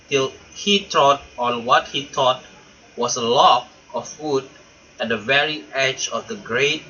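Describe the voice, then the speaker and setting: A man reading a children's story aloud, deliberate and expressive with small stumbles, on a dull lo-fi recording. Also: medium pitch, a little hiss or hum.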